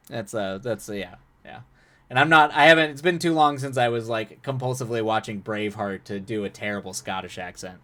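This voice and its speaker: A man's voice: lowish voice, brisk, bright, forceful tone. Chatty young man reading a story on stream. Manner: chatty, frequent restarts and laughs between passages.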